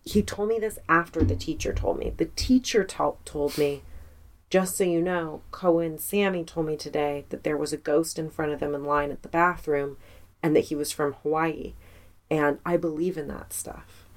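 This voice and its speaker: Lower-voiced woman telling stories casually. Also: steady tone, normal speed. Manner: chatty anecdotal storytelling with frequent laughs. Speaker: podcast co-host. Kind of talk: casual chat.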